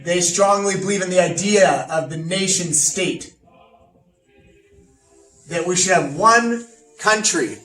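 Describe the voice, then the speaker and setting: A man acts out a smug, self-important fascist in a comic educational role-play, lecturing boastfully and pompously. He speaks slowly with frequent pauses in a high, fairly bright voice. He is far from the mic, with roomy echo and faint music behind him.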